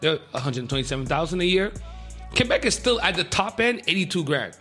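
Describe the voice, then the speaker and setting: A man hosting a radio show, reading the news in a casual, excitable way with jokey asides. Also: fairly high pitch, brisk, soft background music.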